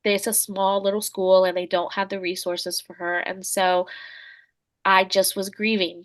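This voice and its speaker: A woman author is the guest in a conversational interview. She speaks in a middle pitch and comes across as earnest, thoughtful and soft-spoken. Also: level tone, a little slow.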